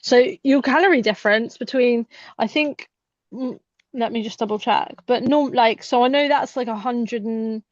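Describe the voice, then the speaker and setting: A woman with a fairly high voice talks through her points in a relaxed, conversational way, leaning on lots of "like"s. Her voice is recorded dry and a little muffled, with no room sound around it. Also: no echo. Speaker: podcast co-host. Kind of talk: casual podcast chat.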